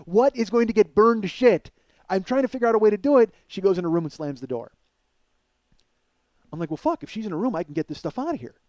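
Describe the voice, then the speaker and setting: In audio with no room sound and the highs cut off, a middle-aged podcast host with a high-pitched voice tells a heated personal story. He swears constantly throughout the monologue and loudly voices the quotes in it.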